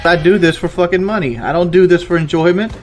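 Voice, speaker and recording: A man's voice: sits high, fast, loud music behind the voice. A man streaming games talks bitterly and wearily about being washed up, swearing as he goes. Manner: weary, bitter, profane. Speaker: video game streamer.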